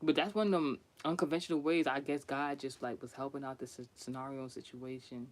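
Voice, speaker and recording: A man's voice: mid-range voice, steady tone, a little fast, background noise. A man telling a story in a casual vlog, chatty and profane, laughing often and restarting his sentences. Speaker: vlogger.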